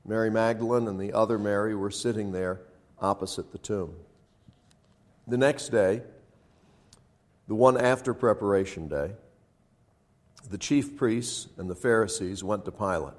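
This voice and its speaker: A man reading scripture aloud in a measured, dramatic way, lifting his voice for quoted speech. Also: lowish voice. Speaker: scripture reader.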